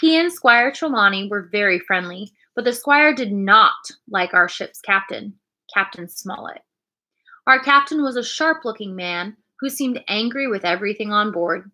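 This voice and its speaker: Bright-voiced woman reading a story. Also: mid-range voice, animated, normal speed. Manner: clear, storytelling. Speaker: reader. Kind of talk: reading a children's storybook aloud.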